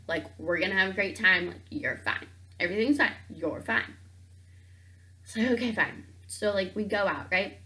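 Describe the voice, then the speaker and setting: A young woman telling a dating story on her vlog, saying "like" constantly and acting out both sides of the conversation. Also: mid-range voice. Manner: animated, says "like" constantly, acts out both sides of the talk. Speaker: vlogger.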